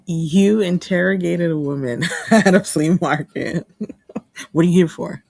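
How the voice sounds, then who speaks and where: A woman's voice: fairly low pitch, unhurried, creaky, darkish tone, no room sound. A woman co-hosting a podcast in casual chat, teasing her co-host and laughing often.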